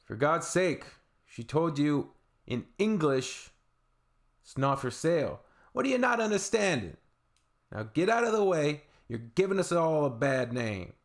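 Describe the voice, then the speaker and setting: A man voicing a loud, scolding New York woman tourist with a New York accent, read from a comment. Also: a little high, big pitch swings, a little slow, pitched above the performer's own voice. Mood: exasperated.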